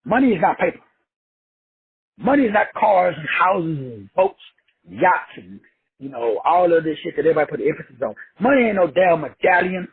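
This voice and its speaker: A man's voice: fairly high pitch, sing-song, a little fast, husky. A man from Texas teaching a group on an online call in an emphatic, preachy way, repetitive, slangy and profane. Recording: phone-like lo-fi audio.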